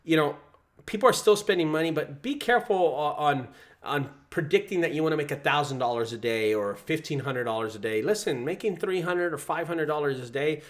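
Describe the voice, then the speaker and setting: A man's voice: on the high side, brisk. A man who runs a junk removal business, talking casually to camera and telling stories with acted-out quotes. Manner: animated storyteller, acts out quoted voices.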